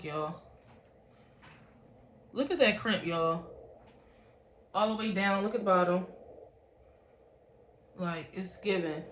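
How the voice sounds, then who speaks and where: A woman chatting casually through a product review, calling on her viewers with "y'all" again and again. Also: on the low side. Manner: chatty, says "y'all" constantly. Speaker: beauty vlogger. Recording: roomy echo, faint background hum.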